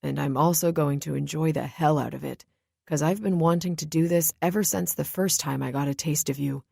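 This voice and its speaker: A tender young man with a deep, gentle voice murmurs close and soft, voiced by a woman reading the story. The tone is warm and mellow, with a gravelly edge, set in an audiobook romance. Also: steady tone, brisk, no echo.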